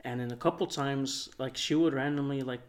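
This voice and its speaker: A man of middling pitch telling a story on a podcast in a relaxed, rambling way. He speaks softly and fills his sentences with "like" as he goes. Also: a little fast. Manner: rambling, soft-spoken, lots of "like". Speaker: podcast co-host. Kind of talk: casual storytelling.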